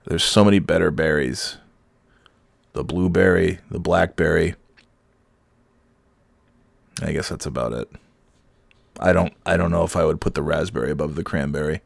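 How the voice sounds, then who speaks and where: Sick middle-aged male podcaster, deep, gravelly, dry mic, rambling and self-mocking. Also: no echo. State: sick, holding back coughing fits; half awake. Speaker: podcast host. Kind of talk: casual solo podcast monologue. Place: home with kids heard in the background.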